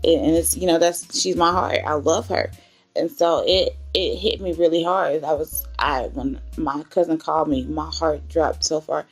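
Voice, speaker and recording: A woman in her twenties with a low voice and a gravelly, fry-tinged edge tells a personal story for her faith vlog. She talks in a candid, emotional way, and soft music plays faintly behind her. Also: steady tone, moderate pace. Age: 20s. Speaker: vlogger.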